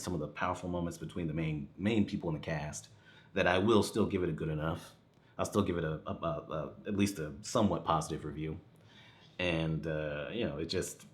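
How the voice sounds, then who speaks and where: Guy with a low voice doing a loose chatty movie review, lots of ums and restarts. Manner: rambling, many restarts and fillers, chuckles often. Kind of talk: casual spoken movie review.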